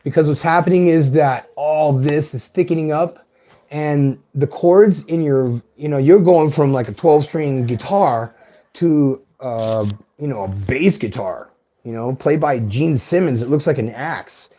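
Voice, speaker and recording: A man in his fifties with a light tenor voice that is not deep, talking in a meandering, chatty vlog monologue that is peppered with profanity and self-corrections. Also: measured pace, dark tone. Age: 50s. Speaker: vlogger. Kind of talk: casual rambling monologue.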